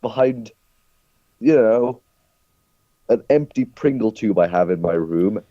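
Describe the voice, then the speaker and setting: A man with a low, mellow voice who teases his podcast friends sarcastically and swears freely. The sound is dry and muffled, with no room around it and a dull, lo-fi tone. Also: expressive, slow, dry recording. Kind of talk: casual gaming chat.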